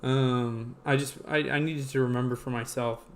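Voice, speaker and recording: A man's voice: mid-range voice, steady tone, normal speed. Rambling man hosting a casual livestream. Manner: rambling, many fillers, swears casually. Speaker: livestream host.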